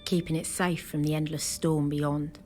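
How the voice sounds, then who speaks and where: A woman giving scripted narration in a video game, measured and storybook-like. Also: low voice, little pitch movement, darkish tone, faint music behind, lightly acted.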